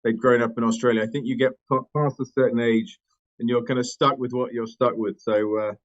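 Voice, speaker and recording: A man's voice: mid-range voice, level tone, fairly quick, muffled recording. A British man being interviewed about his company, talking in a thoughtful way with frequent fillers and restarts. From United Kingdom. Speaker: company co-founder, guest. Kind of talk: conversational interview.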